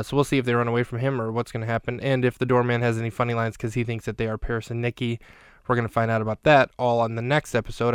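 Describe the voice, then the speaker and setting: A man's voice: medium pitch, clear, resonant tone, dry recording. A man hosting a podcast, casually recapping a film scene by scene in a chatty, rambling way with dry jokes.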